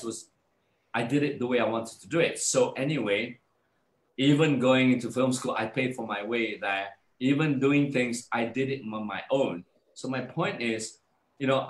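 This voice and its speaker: A man of middle pitch tells a personal story in a loose, conversational way. He animates it, mimicking the people he describes. His voice carries a noticeable roomy echo. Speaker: guest. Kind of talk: casual storytelling in a live online talk.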